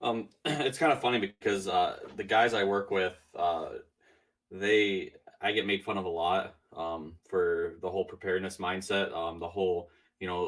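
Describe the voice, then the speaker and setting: Rambling low-voiced man, distant mic. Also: steady tone, normal speed, a bit bright. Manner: rambling storyteller, many fillers and restarts. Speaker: podcast guest. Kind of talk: casual chat.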